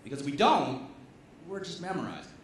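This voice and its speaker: A man's voice: on the high side, big pitch swings, brisk. Man, stand-up comedian, dry self-deprecating storytelling, very roomy live venue, faint background hum. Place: stage at a live comedy show. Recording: echoey venue with faint ambience.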